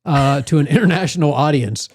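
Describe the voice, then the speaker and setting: A man's voice: a little high, brisk, darkish tone, no room sound, studio quality. A man co-hosting a beer podcast, chatting casually and rambling with lots of fillers. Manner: rambling, with many fillers and frequent laughter. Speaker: podcast co-host. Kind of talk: casual chat.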